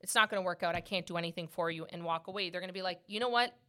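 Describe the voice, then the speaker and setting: A middle-aged woman hosting a podcast, talking loudly and animatedly in casual conversation, laughing often. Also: on the low side, very fast, crowd noise. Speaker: podcast host.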